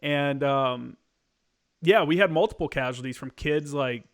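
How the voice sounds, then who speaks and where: A man's voice: a little high, unhurried. A man hosting a podcast, talking casually and loosely with many fillers. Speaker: podcast host. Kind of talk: casual conversation.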